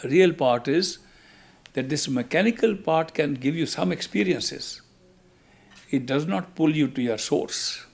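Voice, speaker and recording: An older man with a gravelly, fairly high voice gives a spiritual talk. He speaks in a measured, emphatic way, stopping for long pauses between phrases as he guides listeners through meditation. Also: expressive. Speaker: spiritual teacher.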